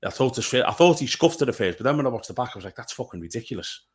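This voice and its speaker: A man's voice: medium pitch, lively intonation, rapid-fire, slightly rough. A man, a podcast co-host giving forthright opinions in casual chat.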